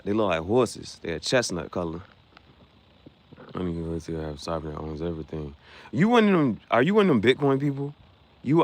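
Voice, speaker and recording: A young man hosting a casual livestream, joking and reacting to viewers' comments with frequent laughter. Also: lowish voice. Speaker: livestream host.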